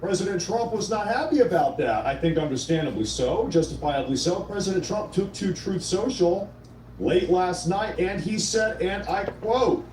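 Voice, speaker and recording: A man hosts a casual commentary show, sarcastic and opinionated as he reacts to clips. His voice sits a little high. He is recorded from a distance in an echoey room with faint noise behind him. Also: lively intonation, moderate pace, a little mellow. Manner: sarcastic, opinionated, reads quotes aloud. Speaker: show host.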